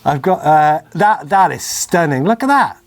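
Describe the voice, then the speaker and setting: Playful guy hosting a bike show, kinda high voice, reading out comments. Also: lively intonation, a little slow. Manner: chatty, playful, reads out viewer comments. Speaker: show host. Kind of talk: casual studio chat.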